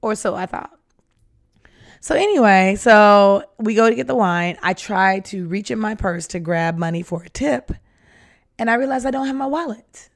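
Animated woman telling a dating story. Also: medium pitch, normal speed. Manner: animated, swears freely, acts out dialogue. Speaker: podcast storyteller. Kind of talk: casual storytelling.

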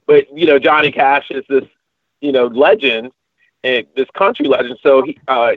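A man talks casually at a middle pitch, rambling and restarting his sentences. His voice comes through a narrow, tinny, phone-like line with a dry sound. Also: normal speed, dry recording. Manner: rambling, many fillers and restarts. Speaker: podcast co-host. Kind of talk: casual chat.

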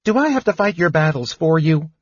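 Casting: man voicing a chirpy kender lad, high and lively, dull lo-fi sound. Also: a little slow, slightly rough, dry recording, heavily acted. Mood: irritated. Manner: high, bright and eager. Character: excitable young male kender, cheerful and cheeky.

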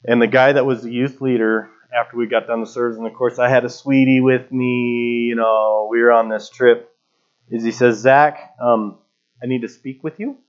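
A man's voice: mid-range voice, little pitch movement, moderate pace, clean tone. A man in his thirties preaching a sermon as a pastor, talking conversationally and telling stories with casual fillers. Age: 30s. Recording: dull lo-fi recording.

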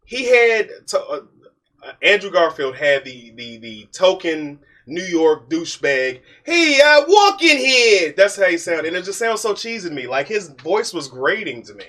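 Animated, ranting man, high lively voice. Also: normal speed, far from the mic. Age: adult. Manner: animated, ranting, swears freely. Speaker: podcast co-host. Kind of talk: casual chat.

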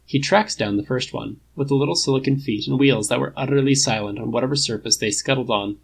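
A man's voice: medium pitch, fast, creaky, a little hiss or hum, poor audio. A man narrating a fan-fiction story in a casual, wry reading style. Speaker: podfic reader.

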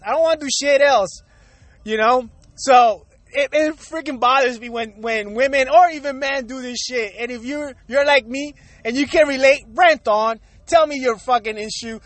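High-pitched guy ranting and cussing, dry close sound. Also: a bit bright, dry recording. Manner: profane, blunt, worked-up ranting. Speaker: show host. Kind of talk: ranting monologue.

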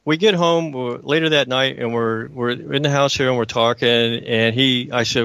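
A man's voice: medium pitch, steady tone, normal speed, vocal fry, fairly bright tone, clear, resonant tone, no room sound. Earnest man telling his story on radio. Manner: earnest, emphatic, keeps checking in with listeners. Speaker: radio show host.

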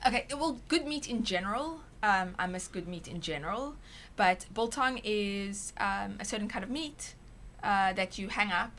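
A woman's voice: medium pitch, expressive, normal speed, fairly bright tone, slight background noise. A woman chatting as a panel guest, explaining things with lots of fillers. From South Africa. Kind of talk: casual panel chat.

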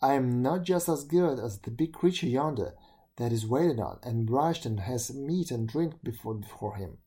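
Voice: mid-range voice, lively intonation, normal speed, warm tone, lightly acted. A storyteller voicing a proud, easily offended male stag beetle who complains indignantly. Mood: huffy.

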